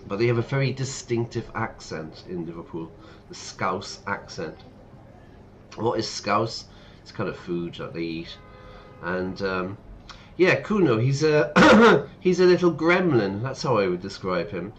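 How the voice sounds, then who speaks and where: A man's voice: lowish voice, sing-song, a little slow, fairly bright tone, a little hiss or hum. A man, an English teacher streaming a game, chatting casually, explaining slang words and laughing often. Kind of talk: casual explanation while playing.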